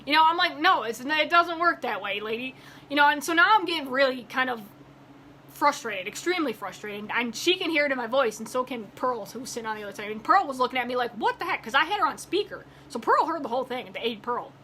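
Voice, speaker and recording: A woman's voice: high voice, pushed and bright, a little hiss or hum. A woman vlogger telling a story in a casual rant, acting out both sides of a phone call and rising in exasperation when heated.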